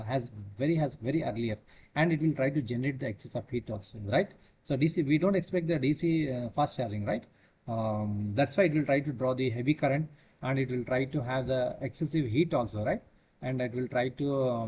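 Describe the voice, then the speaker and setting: A man's voice: on the high side, a little mellow, slight background noise. A man giving a classroom lecture, asking "right?" after nearly every point and repeating himself. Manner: repetitive, asks "right?" after each point.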